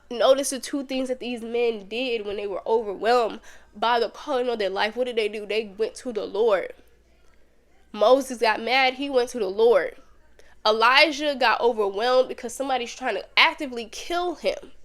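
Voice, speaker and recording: A woman hosting a podcast, teaching a Bible lesson in a casual, conversational way with lively storytelling. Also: fairly high pitch.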